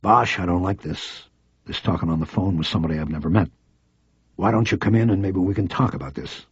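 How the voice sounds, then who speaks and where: A man's voice: sits low, a little fast, breathy edge, no echo. A man voicing a cautious male federal agent who speaks in a guarded way. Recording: dry, slightly dull audiobook recording.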